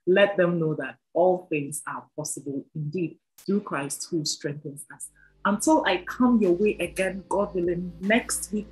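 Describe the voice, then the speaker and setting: A woman's voice: lowish voice, unhurried, a little mellow, rough recording. Effusive woman host. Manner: effusive, devout and encouraging. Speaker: talk show host. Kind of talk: interview and outro to viewers.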